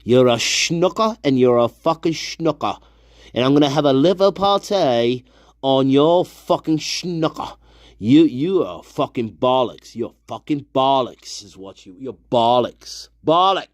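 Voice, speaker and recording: A man voicing a cranky, ranting man who shouts profane insults and demands his whiskey. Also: mid-range voice, animated, unhurried, no echo, studio quality, lightly acted. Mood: mocking.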